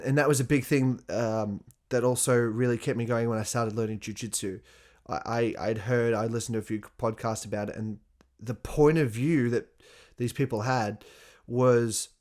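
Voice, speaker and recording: Animated, swearing male podcast host. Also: mid-range voice. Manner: profane, animated storytelling with laughs and acted-out quotes. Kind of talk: casual solo podcast monologue.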